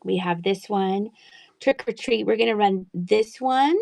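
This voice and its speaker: A woman's voice: medium pitch, a little slow, creaky, darkish tone, no echo. A middle-aged woman chatting casually while selling items in a live online auction, laughing often and sometimes dropping to a near-whisper. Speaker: livestream seller.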